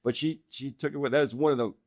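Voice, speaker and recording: A middle-aged man spins animated anecdotes as a podcast guest and breaks into laughter along the way. His voice sits in a typical middle register. It is recorded dry, with no room sound. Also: medium pitch, fast, no room sound. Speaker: guest real estate agent. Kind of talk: casual podcast storytelling.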